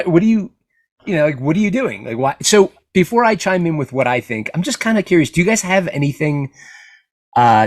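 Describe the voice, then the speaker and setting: A man on a podcast panel telling stories in a halting, bemused way. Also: medium pitch, dry recording, clean studio sound. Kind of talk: roundtable chat.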